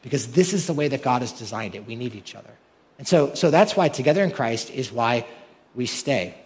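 A man's voice: mid-range voice, animated, a little fast. A male pastor preaching a sermon with rhetorical questions that build to emphatic peaks. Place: large church hall. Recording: long hall reverb.

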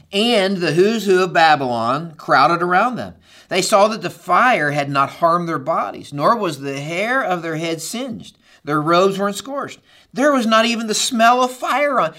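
A man preaching a sermon in a high, lively voice. He tells the story with animation and acts out each quoted line. He checks in with the congregation with a frequent "right?". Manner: asks the listeners "right?" often. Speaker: pastor.

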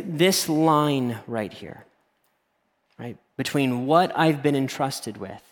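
A man in his thirties preaching a sermon as a pastor, animated, slipping into voices when he tells stories. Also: on the high side. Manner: animated, acts out voices in anecdotes. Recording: long hall reverb.

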